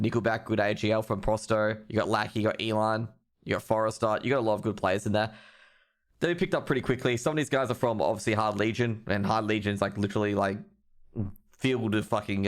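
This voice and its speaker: A young man hosting a live stream, ranting with heavy profanity about esports news. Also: fairly low pitch. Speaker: streamer host.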